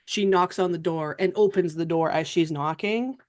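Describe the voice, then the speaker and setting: A woman's voice: on the low side, normal speed, a little mellow. A woman narrating her character in a tabletop game, casual and rambling. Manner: casual, rambling with many likes. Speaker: player. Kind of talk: tabletop role-play narration.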